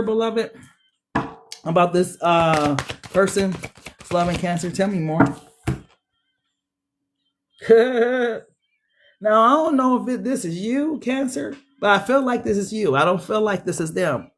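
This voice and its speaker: A woman giving a casual tarot reading straight to her viewers, animated and slangy, often laughing and playing out what people say. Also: medium pitch. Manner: animated, chatty, addresses viewers directly; frequent laughs and acted-out quotes. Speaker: tarot reader.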